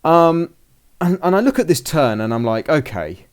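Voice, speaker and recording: A man's voice: fairly high pitch, big pitch swings, moderate pace, a little mellow, clean tone. A man in casual chat, recounting a tabletop game turn by turn in a rambling way, often restarting and acting out what he and his opponent said. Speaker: podcast host recounting a game. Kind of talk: casual chat, play-by-play recap.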